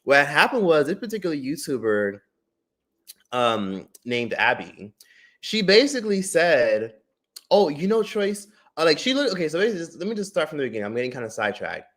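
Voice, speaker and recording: A man on a livestream telling a long personal story in a casual, animated way. He swears often and fills his talk with "like". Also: a little high, brisk. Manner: animated, profane storytelling with many "like" fillers. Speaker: streamer and drama commentator.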